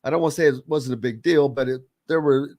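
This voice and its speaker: A man's voice: mid-range voice, quick pace, a little mellow. A man hosting a sports radio show, chatting casually and animatedly with a guest.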